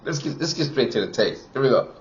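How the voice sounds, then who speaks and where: A man's voice: medium pitch, animated, fast talker, muffled recording, slight background noise. A man giving a casual wine tasting review, chatty and full of "you know" fillers, from Wisconsin.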